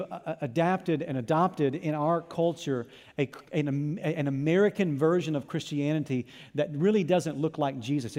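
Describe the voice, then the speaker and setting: A man preaching a sermon in church, impassioned, dropping to a hush and then rising to loud emphasis. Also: fairly high pitch. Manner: impassioned, swings from hushed to loud. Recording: long reverb of a church hall.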